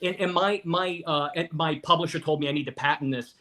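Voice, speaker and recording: A man's voice: fairly high pitch, fairly quick, bright, forceful tone. A middle-aged man from West Virginia, a guest telling his family story in an interview, earnest and often restarting his words. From Weirton, West Virginia.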